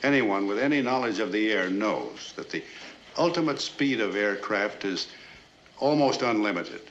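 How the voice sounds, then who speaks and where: A stubborn, steady colonel on trial. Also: male voice, on the low side, normal speed. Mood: firm. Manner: firm, terse, steady answers. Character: stubborn male air colonel, calm and firm. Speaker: accused colonel on the witness stand. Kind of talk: 1950s film courtroom drama. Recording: roomy, dull old film soundtrack with hiss.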